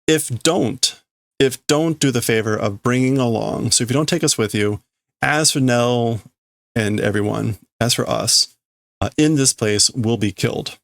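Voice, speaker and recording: A man's voice: mid-range voice, moderate pace, vocal fry, no echo. A man streaming himself as he reads a comic and works out the translation aloud, hesitant and full of fillers. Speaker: streamer learning Japanese. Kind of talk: casual reading and translating aloud.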